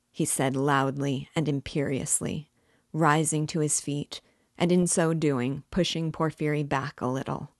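Slow low-voiced woman reading aloud. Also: dry recording, clean studio sound. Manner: measured, even reading. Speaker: book club host reading aloud. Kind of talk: audiobook narration.

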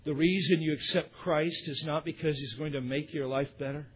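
Male preacher, high-pitched and husky, tells illustrations in a chatty, candid sermon; dull lo-fi sound. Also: fairly even intonation, brisk, hardly any pauses. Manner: candid, conversational asides to the congregation. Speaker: pastor. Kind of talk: sermon with storytelling. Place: church service. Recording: dull lo-fi recording.

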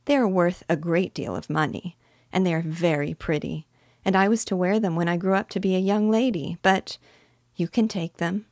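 A woman's voice: on the low side, darkish tone, no room sound, studio quality, natural voice. A woman voicing an earnest, polite little girl who speaks primly. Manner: prim and polite.

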